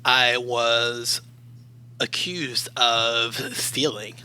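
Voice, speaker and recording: A man from Baltimore speaks as an interview guest in a calm, measured way. His tone is strikingly bright and sharp-edged, at a middle pitch. He tells his stories thoughtfully and steadily. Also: clean tone, low-quality recording. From Baltimore, USA. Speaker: guest, academic adviser. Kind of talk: reflective interview storytelling.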